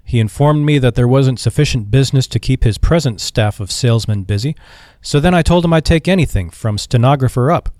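A man's voice: medium pitch, fairly quick, few pauses, a little mellow, dry recording, clean studio sound, close to an everyday voice. A man reading aloud and voicing a cheerful, earnest young army veteran looking for work. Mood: eager.

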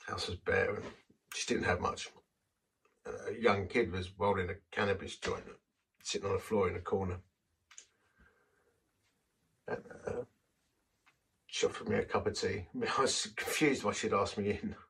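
A man's voice: on the low side, steady tone, moderate pace, gravelly, a bit bright, distant mic, slight background noise. A man who is a vicar, telling a story in a sermon in a self-deprecating, anecdotal way and acting out the quotes.

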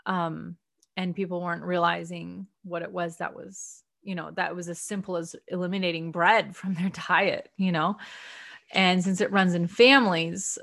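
A woman leading a casual book study discussion, thinking aloud in a chatty, earnest way with soft laughs. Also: mid-range voice. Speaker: study group discussion leader.

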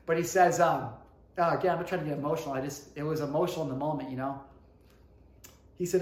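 A man in his thirties, his voice sitting fairly high for a man, tells a personal motivational story straight to his viewers. He moves from hushed, confiding passages to fervent bursts. The room around him rings with a noticeable echo. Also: fairly even intonation, fast, pauses often. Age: 30s. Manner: earnest, swings from hushed to fervent, addresses viewers directly. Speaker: motivational vlogger.

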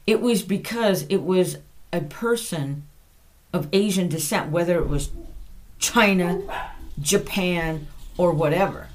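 A woman hosting a faith podcast, telling a personal story in a chatty, animated way and breaking off for side notes and corrections. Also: fairly low pitch. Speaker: podcast host.

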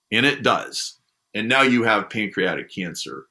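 Bright-voiced animated man telling stories. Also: on the low side, unhurried. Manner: animated storyteller, acts out quoted people. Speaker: guest discussing a science prize. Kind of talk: casual podcast conversation.

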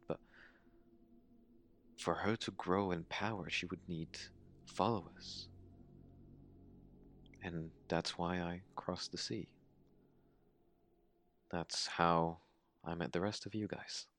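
Soft, deep, solemn devotee, radio drama. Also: male voice, fairly even intonation, slow pace, long pauses, exaggerated voice. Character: devoted man who crossed the sea, solemn. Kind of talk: audio drama narration.

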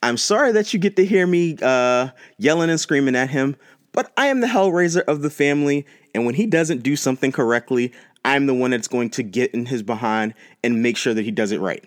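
Man putting on a blunt old grandmother, feisty matriarch, raised pitch, storytelling. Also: animated, a little fast, lightly acted. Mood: scolding. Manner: blunt and scolding, then grudgingly apologetic.

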